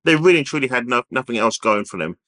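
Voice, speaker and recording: A man with a bright, forward voice talks through a football result on his own channel. He is opinionated and emphatic, circling back to hammer his points home. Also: mid-range voice, expressive, quick pace. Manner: opinionated, emphatic, repeats himself for stress. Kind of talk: unscripted opinion vlog.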